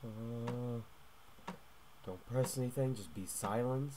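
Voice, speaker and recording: A young man playing a stealth game and commenting as he goes, jumping between hushed muttering and loud yelps and tacking "mate" onto his lines. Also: medium pitch, takes it slowly, noisy background. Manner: excitable, swings from hushed muttering to yelling, keeps adding "mate". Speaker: gaming YouTuber. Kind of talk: let's play commentary.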